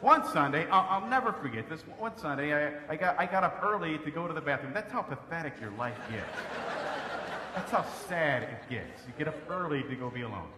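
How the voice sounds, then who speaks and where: A man's voice: fairly high pitch, sing-song, fairly quick. A man doing a sarcastic, exasperated stand-up comedy routine on stage. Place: live comedy stage in an echoey hall. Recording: echoey hall with background noise.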